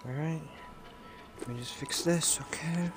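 A man streaming a video game on a headset mic, swearing a lot and swinging between yelling and low muttering. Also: unhurried, over music. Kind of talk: live gameplay commentary. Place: warm indoor room at home.

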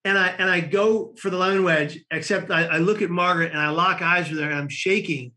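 Bright, lively American man telling a story. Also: high voice, a little fast. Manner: lively, acts out the people in his story. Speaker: podcast guest. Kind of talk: animated storytelling.

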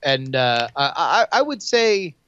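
Man podcast co-host, smooth and clear voice, hesitant, dry dull sound. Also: a little high, big pitch swings, slow, fairly bright tone. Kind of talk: casual chat.

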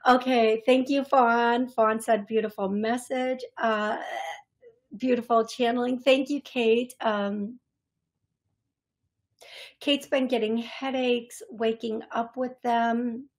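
A young adult woman hosting a psychic medium show, speaking in a halting, repetitive way with many fillers as she passes on messages to viewers. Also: fairly high pitch, steady tone. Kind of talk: live-stream reading for viewers.

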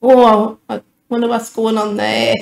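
A woman's voice: on the high side, measured pace, vocal fry, very noisy. Gushing woman with roomy echo. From United Kingdom. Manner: gushing and excitable, stumbling over words. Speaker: YouTube reaction vlogger. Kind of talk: emotional trailer reaction.

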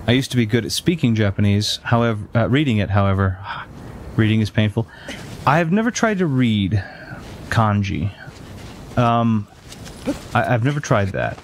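A man's voice: on the low side, lively intonation, normal speed, long pauses, a little hiss or hum. A man hosting a casual gameplay chat, rambling off on tangents with lots of ums and uhs. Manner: rambling, goes off on tangents with many fillers. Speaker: let's play host.

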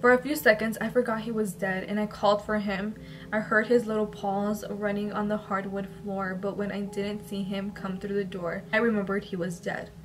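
Emotional woman reading viewer emails. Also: medium pitch. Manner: emotional, tearful laughter between readings. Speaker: YouTuber reading viewer-sent stories. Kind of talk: reading emails aloud with chatty asides. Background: soft background music.

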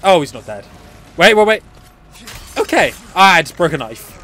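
High-voiced excitable man yelling at a game. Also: normal speed. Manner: chatty asides to viewers, frequent laughter. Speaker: gaming channel host. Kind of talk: let's play commentary.

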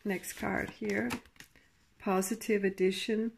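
A woman giving a tarot reading in a halting, emotional way, with sighs and soft laughs. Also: mid-range voice. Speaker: tarot reader.

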